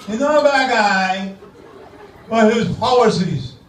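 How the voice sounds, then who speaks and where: An older big-city mayor fumbles through a speech in a high, raised voice, mixing up names and words, as a comedian puts him on. It is heard from a far mic in an echoey club. A loud crowd laughs behind him. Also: male voice, slight background noise. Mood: mumbling oratory. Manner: garbled, halting oratory, words mixed up.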